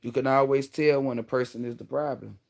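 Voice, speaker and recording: A woman in her thirties talks directly to her viewers in a casual advice monologue. Her delivery is blunt and animated, full of slang and casual swearing. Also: very deep voice, fairly quick, vocal fry. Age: 30s. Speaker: vlogger giving relationship advice.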